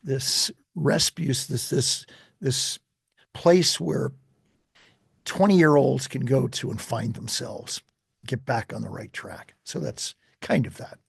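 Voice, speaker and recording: A man who is a life coach and a guest, telling an animated story with repeated restarts in a gravelly, husky voice. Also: mid-range voice, takes it slowly, no echo, clean studio sound. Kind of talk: storytelling in a conversation.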